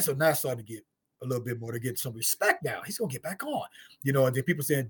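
A middle-aged man from St. Louis with a husky voice tells a story in casual talk, acting out the other people's lines in high voices and laughing often. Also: expressive, quick pace, fairly bright tone. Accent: St. Louis, African American Vernacular English. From St. Louis, USA. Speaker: guest storyteller, martial artist.

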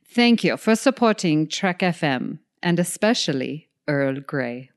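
A woman's voice: sits low, sing-song, measured pace. A woman co-hosting a podcast, chatting casually in an enthusiastic way. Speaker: podcast co-host. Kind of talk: casual chat.

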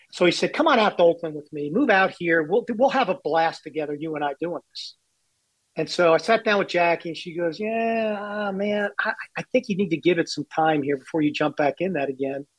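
Guy in his 60s telling frank stories on himself, kinda high voice, dry mic. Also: brisk, no echo, poor audio. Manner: candid, self-deprecating anecdotes. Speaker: baseball executive guest. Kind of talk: storytelling interview.

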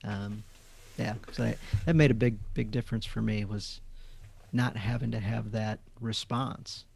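A man hosting a podcast, telling stories in a lively, friendly conversational way. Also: fairly low pitch, unhurried, gravelly, slightly rough. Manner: lively storytelling. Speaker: podcast host. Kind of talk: casual chat.

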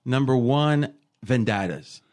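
A man hosting an interview, framing his questions with quick, conversational setups. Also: medium pitch, lively intonation, darkish tone. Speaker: interviewer, show host.

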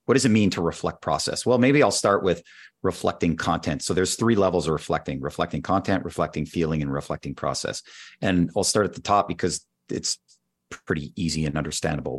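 A man speaking as a guest expert, patiently explaining his ideas step by step in conversation. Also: low-pitched. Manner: patient, methodical teacher who walks through steps. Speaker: guest expert on team skills.

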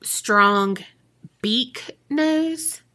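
A woman's voice: a little high, expressive, extremely slow, sharp tone. A woman co-hosting a podcast, telling a story in casual, profane chat full of "like" and "you know", often giggling. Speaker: podcast co-host.

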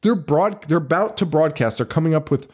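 A man's voice: fairly high pitch, a little fast, slightly rough. A man hosting a podcast, chatting casually about a movie, swearing freely and laughing often. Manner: profane, excitable, laughs often. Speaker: podcast host.

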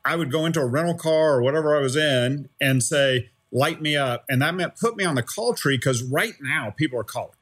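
In an animated interview, a middle-aged former startup CEO recounts a story, repeatedly tossing in "right?" to check in. He talks a little fast with few pauses, in a fairly high, husky voice.

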